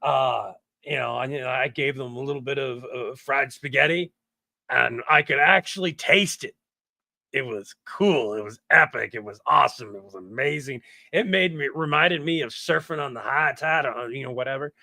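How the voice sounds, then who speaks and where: A man's voice: medium pitch, moderate pace, vocal fry, pushed and bright, no room sound. A man voicing a laid-back male surfer dude character who drawls slang in an easygoing way.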